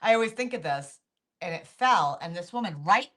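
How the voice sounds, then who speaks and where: A woman's voice: lowish voice, normal speed. A middle-aged woman telling a story in a casual podcast chat, acting out the people in it and often laughing. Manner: animated storyteller, acts out quotes, laughs often. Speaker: podcast co-host.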